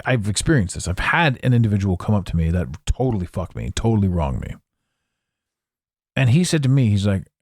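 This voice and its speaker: A man's voice: mid-range voice, a little mellow, no room sound, clean studio sound. A man hosting a podcast, talking in a blunt, profane, casual monologue. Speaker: podcast host.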